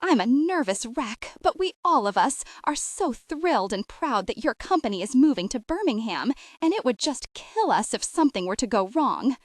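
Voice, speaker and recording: A woman's voice: high-pitched, big pitch swings, normal speed, hardly any pauses, dry recording, clean studio sound. A woman voicing a scheming middle-aged businesswoman who puts on a sugary fake Southern accent and fake sincerity. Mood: syrupy. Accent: put-on Southern American. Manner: syrupy, fake-sincere, breathless.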